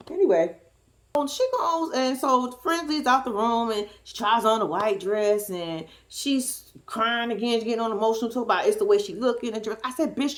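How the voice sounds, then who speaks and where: Sassy, animated woman recapping TV. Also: a little high. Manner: sassy, animated, acts out the cast's lines. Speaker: reality TV commentator. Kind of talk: casual recap commentary.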